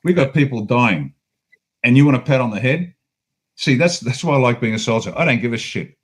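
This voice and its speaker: An Australian man in full rant, angry and swearing freely. His voice sits at an ordinary middle pitch. He hammers each point home with heavy, forceful emphasis. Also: fairly quick. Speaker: guest. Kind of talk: heated political rant.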